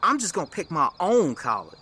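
A quiet, glum young guy in a radio play, voice rises and falls a lot. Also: fairly low pitch, sing-song, fairly quick, over music. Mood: subdued. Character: earnest young man, a troubled college runner. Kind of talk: radio drama acting.

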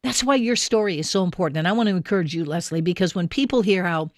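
Earnest Christian radio host, dry sound. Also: male voice, sits high, quick pace, no room sound. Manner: earnest, encouraging, preacherly. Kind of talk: radio interview.

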